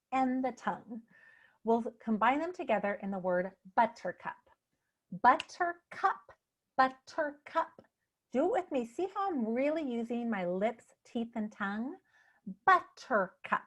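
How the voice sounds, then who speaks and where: A woman leading a speech exercise lesson, demonstrating drills slowly and clearly and encouraging the listener. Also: on the high side. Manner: slow, clear, encouraging demonstration with drawn-out practice words. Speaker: speech therapy instructor.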